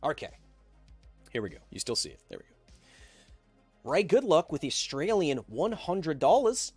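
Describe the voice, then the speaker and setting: A man's voice: fairly high pitch, sing-song, unhurried, darkish tone, slightly rough, no room sound, faint music behind. Chatty male livestream host, dry close sound. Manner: chatty, jokey, reads viewer messages aloud. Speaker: podcast host reading live chat. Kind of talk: casual livestream chat.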